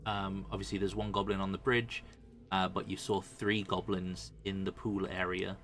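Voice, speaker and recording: A man with a lowish voice and a bright, forward tone narrates a tabletop game as dungeon master. He speaks in a relaxed, halting way, full of fillers. A faint hiss sits behind him.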